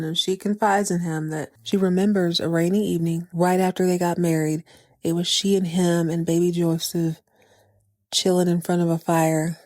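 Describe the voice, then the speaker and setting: A woman hosts a podcast and recaps a TV drama episode in a loose, chatty way. She tosses in slang and teasing jokes as she goes. Her voice sits a little low, and the sound is close and dry. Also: steady tone, normal speed, a little mellow, no room sound. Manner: playful, slangy, joking asides. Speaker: podcast host.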